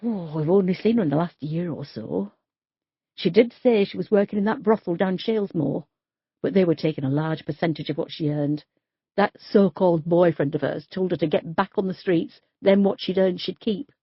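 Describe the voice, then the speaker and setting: A woman's voice: on the low side, moderate pace, husky, no echo, dull audio. A woman voicing a blunt, gossipy middle-aged street worker, in an audiobook. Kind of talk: audiobook character voice.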